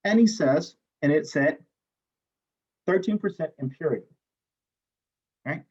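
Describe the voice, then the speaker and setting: A man teaching a chemistry class, telling a story in an animated way, swearing freely and acting out the people he quotes. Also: a little high, measured pace, slightly rough. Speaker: chemistry instructor. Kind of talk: lecture with personal story. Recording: dull lo-fi classroom recording.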